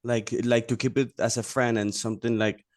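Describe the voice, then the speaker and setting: A man attending an online session gives his opinion in a hesitant way, often restarting phrases. His voice is middle-pitched and dry, and sounds a little distant from the mic. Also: flat delivery, fairly quick, a little mellow, no room sound. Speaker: webinar participant. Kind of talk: casual remarks on a video call.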